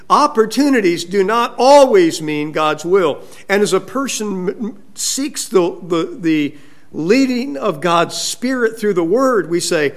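A man's voice: high-pitched, animated, a little slow. A male pastor preaching a sermon, asking his congregation rhetorical questions.

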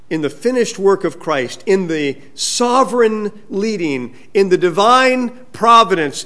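A man's voice: high-pitched, fairly bright tone. A male pastor preaching a sermon, asking his congregation rhetorical questions.

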